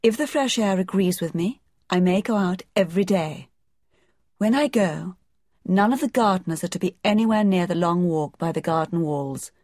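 A woman's voice: lowish voice, expressive, moderate pace, darkish tone, dry recording, clean studio sound. A woman voicing a sickly, imperious young boy who gives lordly commands in a storybook reading.

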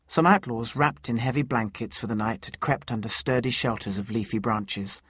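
Man, storybook narrator, husky, measured, mid pitch. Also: fairly bright tone, no echo, clean studio sound.

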